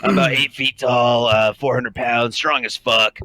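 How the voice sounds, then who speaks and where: Man, tabletop player, bright tense voice, halting, lots of pauses. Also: medium pitch, steady tone, no room sound. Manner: halting, many filler pauses. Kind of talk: casual character introduction.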